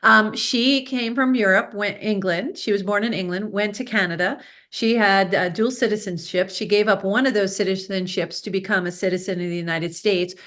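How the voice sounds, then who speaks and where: A woman hosts a relaxed interview and talks in an earnest, animated way. Her voice sits at a typical pitch for a woman. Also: normal speed, few pauses. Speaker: host and success coach. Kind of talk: casual interview chat.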